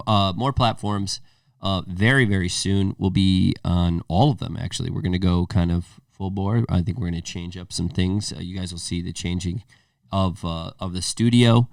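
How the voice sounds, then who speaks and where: Laid-back male podcast co-host, low voice, casual swearing, dry room, mic set back. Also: creaky, dry recording, distant mic. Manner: laid-back, swears, says bro and dude a lot.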